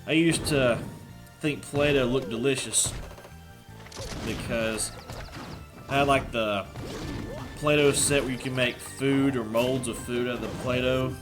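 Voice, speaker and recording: A man doing casual let's play commentary at home, rambling and chatty, sometimes yelling at the game. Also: mid-range voice, steady tone, measured pace, long pauses. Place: apartment room at home with thin walls. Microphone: desk microphone. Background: video game music.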